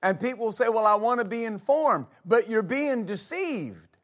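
High-voiced preaching pastor. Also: male voice, animated, moderate pace, a bit bright. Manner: preaching with rhetorical questions, reading scripture aloud. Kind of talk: sermon. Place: church.

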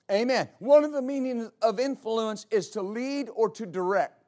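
Man, pastor, high voice, sermon, emphatic repetition, church. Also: normal speed, darkish tone. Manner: preaching with rising emphasis, repeating key phrases.

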